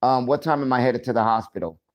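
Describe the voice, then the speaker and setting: Profane, joking livestream host, middle pitch. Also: male voice, fast. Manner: greets chat viewers by name. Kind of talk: casual livestream chat.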